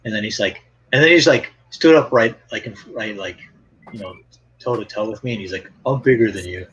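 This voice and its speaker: A former art teacher with a fairly low, fairly bright, slightly rough voice chats casually and a little fast, rambling through stories, laughing often, and acting out the people in them. The recording is dull and lo-fi, with faint background noise.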